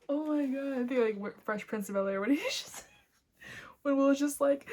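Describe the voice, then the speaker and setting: A young woman doing a casual tarot reading at home, talking in a lively, loose way with frequent swearing and exclamations. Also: fairly high pitch, fairly quick. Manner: animated, swearing, breaks into laughs and snatches of singing. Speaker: tarot reader.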